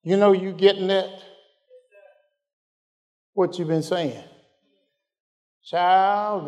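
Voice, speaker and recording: A man preaches a sermon, tossing questions to the congregation and stretching out scripture slowly. His voice sits high and climbs further as he builds. Long church-hall reverb trails every phrase. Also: fairly even intonation, a little mellow. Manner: call-and-response, questioning the congregation; drawls scripture slowly, rising in pitch as he builds.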